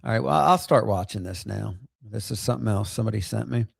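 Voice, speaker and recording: A man's voice: lowish voice, quick pace, no echo, studio quality. A man hosting a casual livestream, rambling with many fillers and bursts of laughter. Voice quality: gravelly, creaky. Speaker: livestream host.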